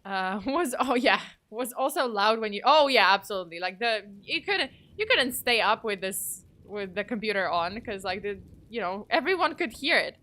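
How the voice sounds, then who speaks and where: A woman's voice: mid-range voice, animated, normal speed, hardly any pauses, pushed and bright. A woman in her thirties from Poland chatting casually on a livestream, rambling, swearing and laughing often. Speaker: streamer.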